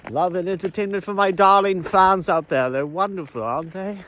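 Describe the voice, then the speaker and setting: A man's voice: high voice, fairly quick, hardly any pauses, fairly bright tone. A man talking casually in a walk-and-talk vlog, playful and rambling, often drifting into sing-song and laughter. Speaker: vlogger. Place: outdoors on a walk.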